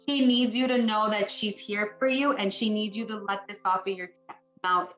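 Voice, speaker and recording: Woman psychic medium, chatty and rambling, crisp bright tone, echoey room. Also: medium pitch, steady tone, normal speed, lo-fi sound, soft background music. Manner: chatty, rambling, acts out spirit voices. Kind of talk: mediumship reading.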